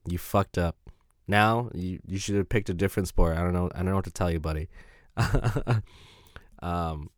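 A man hosting a casual solo podcast, rambling and profane as he laughs often. His voice sits low and sounds dry and close to the mic. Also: moderate pace, no room sound. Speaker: podcast host.

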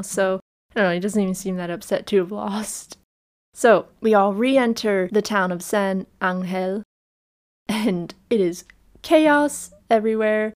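An animated woman podcaster recaps a film in loose, casual chat. She laughs often and drops the odd swear, speaking at an ordinary middle pitch. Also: unhurried. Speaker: podcast co-host.

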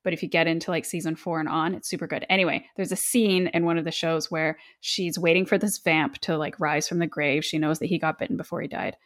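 Lively low-voiced woman chatting about books. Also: quick pace, hardly any pauses. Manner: animated retelling with lots of "like". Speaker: podcast co-host. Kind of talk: casual book-club chat.

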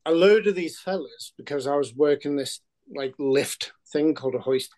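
An Irish man chatting on a comedy podcast. He tells his stories in halting bits and restarts his sentences often. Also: a little high, darkish tone. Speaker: podcast contributor. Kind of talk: casual podcast chat.

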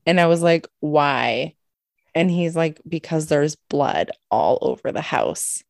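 A woman co-hosting a podcast, telling a story in a lively, casual way, swearing freely and acting out what people said. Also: deep voice, slow pace, creaky, no room sound, studio quality. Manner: animated, swears a lot, acts out quotes. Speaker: podcast co-host.

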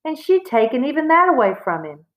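A woman, a teacher, reading a children's novel aloud to students with expressive storytelling. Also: high-pitched, fairly quick, rough recording.

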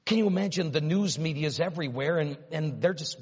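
A man preaching a sermon, retelling a story dramatically and swinging from hushed asides to loud, rising exclamations. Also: a little high, fairly quick, slightly rough. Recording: dull sound with long reverb in a hall.

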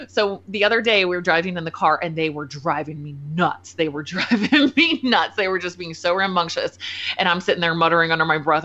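A woman in her forties hosting a podcast, chatting casually, laughing often and acting out quotes in lively voices. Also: medium pitch, brisk. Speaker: podcast host. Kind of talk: casual chat. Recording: muffled lo-fi sound.

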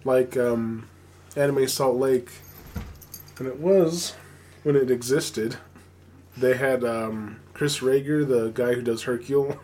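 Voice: mid-range voice, slow, long pauses, darkish tone, a little hiss or hum. A person on a podcast sharing a convention story in casual chat. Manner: laughing anecdote teller.

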